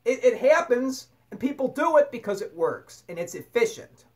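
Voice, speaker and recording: A woman's voice: a little high, normal speed. Blunt, profane woman preaching. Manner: blunt, swearing, animated preaching. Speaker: spiritual talk host. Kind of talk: profane spiritual monologue.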